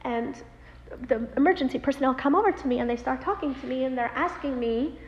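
A woman in her thirties telling a personal story, animated, with many fillers. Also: sits high, fairly quick. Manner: animated, many fillers, acts out quoted voices. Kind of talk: personal story told aloud. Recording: roomy hall with long reverb, dull lo-fi sound, faint noise.

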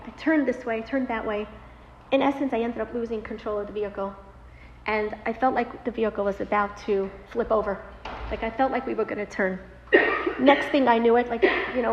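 A woman in her thirties telling a personal story, animated, with many fillers. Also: fairly high pitch, moderate pace. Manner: animated, many fillers, acts out quoted voices. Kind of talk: personal story told aloud. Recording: roomy hall with long reverb, dull lo-fi sound, faint noise.

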